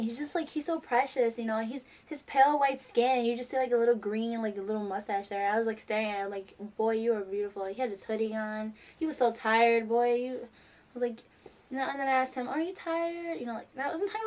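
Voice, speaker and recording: A teenage girl excitedly telling a rambling fan story, full of fillers. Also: fairly high pitch. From New York. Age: teens. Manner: gushing, rambling, many fillers. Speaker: fan vlogger.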